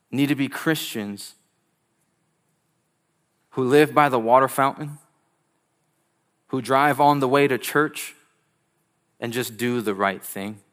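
Emphatic male preacher with dynamic delivery. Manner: emphatic preaching, swinging from loud peaks to hushed low lines; storytelling with quick asides. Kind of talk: sermon.

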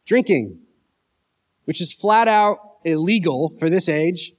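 A man's voice: a little high, animated, slow. A man preaching a casual youth sermon, joking and asking his listeners questions. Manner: casual, conversational preaching with jokes and questions to the audience. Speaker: youth pastor.

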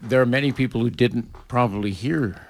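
A man's voice: medium pitch, brisk. A man in comedic radio banter who asks puzzled, hesitant questions. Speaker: comedy troupe member on radio. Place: radio studio.

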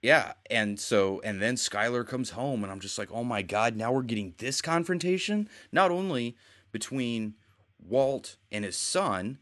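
A man's voice: mid-range voice, animated, measured pace, fairly bright tone. A man co-hosting a casual chat, rambling as he retells scenes and quotes the characters. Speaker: podcast co-host.

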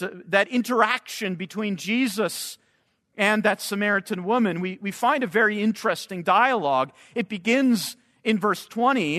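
A man preaching a sermon, slow and emphatic, sometimes repeating words as he searches for the next phrase. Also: sits high, a bit bright. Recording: long hall reverb.

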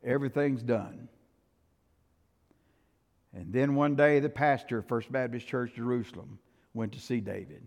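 A male pastor preaching a storytelling sermon, swinging from loud outbursts to hushed tones. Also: medium pitch, normal speed, pauses often. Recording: reverberant hall.

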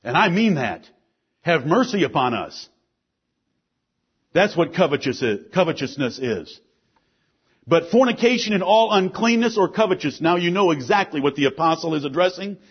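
In a slightly rough voice with lively intonation and a moderate pace, a pastor reads scripture and explains it forcefully to his congregation. He builds emphasis, then falls to a low, quiet delivery, captured in a dull lo-fi church recording.

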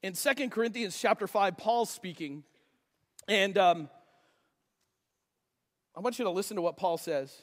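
Male pastor, high bright voice, lively joking sermon, long church reverb. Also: measured pace, pauses often. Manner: animated, restarts, jokes with congregation. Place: church sanctuary.

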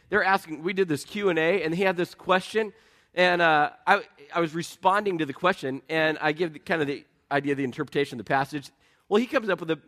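A man preaching a sermon as pastor, in a conversational storytelling way with self-deprecating humor, getting lively as he tells anecdotes. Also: on the high side. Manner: lively, rising when telling anecdotes.

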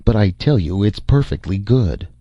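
A man's voice: fairly low pitch, expressive, moderate pace, no room sound, dull audio, natural voice. A man voicing a wry, resourceful male adventurer in an audiobook, with dry humor. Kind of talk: audiobook character voice.

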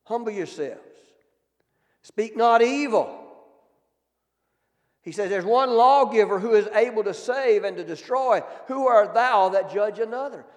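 A man's voice: high voice, lively intonation, unhurried, pauses often. A man preaching a sermon, folksy, asking the congregation questions directly. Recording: long reverb of a hall.

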